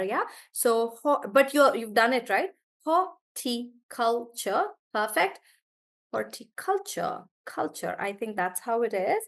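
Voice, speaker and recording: A woman teaching an online English class, sounding out words slowly to show syllable stress and correcting herself as she goes. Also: a little high. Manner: animated, drawn-out demonstration of syllable stress, self-correcting.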